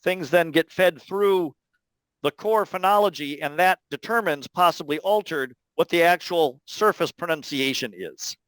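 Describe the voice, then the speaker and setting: A man delivers an academic talk, explaining ideas patiently and pausing often to find his words. His voice is smooth and a little higher than most men's, recorded close and dry with no room sound. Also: a bit bright, dry recording, rough recording. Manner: measured, explanatory, many "uh" pauses. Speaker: linguistics lecturer. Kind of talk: academic talk answering questions.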